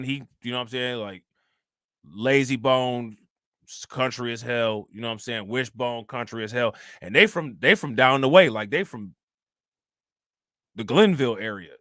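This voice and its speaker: A man with a plain Northeast Ohio accent rambles to his livestream chat in loose, slangy talk, looping back with asides to the viewers. His voice sits mid-pitched and bright. The sound is close and dry. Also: no room sound. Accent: Northeast Ohio, Midwestern. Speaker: livestream host. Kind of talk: casual livestream commentary.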